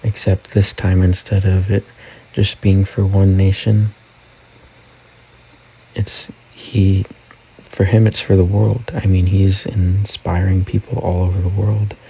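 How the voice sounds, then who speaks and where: Male news-recap host, low flat delivery, dark husky tone; casual and conversational. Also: slow, low-quality recording. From United States. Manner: conversational, reads quotes aloud.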